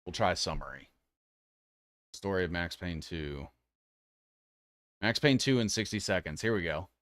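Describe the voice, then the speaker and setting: Man, reaction host, casual offhand commentary, low smooth voice. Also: lively intonation, unhurried, fairly bright tone, no echo, studio quality. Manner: loose, swearing, offhand asides.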